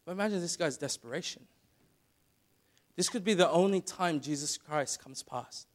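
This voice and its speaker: A man preaching a sermon, dropping to quiet asides and then building to loud, dramatic retellings. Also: fairly high pitch, moderate pace. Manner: dramatic, swings from soft asides to shouted retellings.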